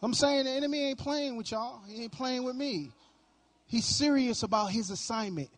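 A man's voice: very high voice, moderate pace. A male pastor preaching a sermon with emphatic, sing-song cadence and frequent repetition.

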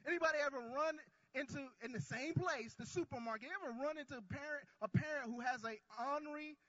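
A man preaching a sermon who calls on his congregation to answer back, drawing out key words and swinging between quiet asides and loud lines. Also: very high voice, fast talker, dry recording, lo-fi sound. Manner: call-and-response with the congregation.

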